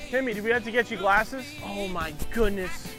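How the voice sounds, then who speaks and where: A man playing a bossy baseball dad, high-pitched, yelling heckles, comedy sketch, music underneath. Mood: heckling. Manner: yelling, bossy, rapid-fire sideline heckling. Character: loud overbearing male baseball dad heckling from the stands. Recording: background music under the clip.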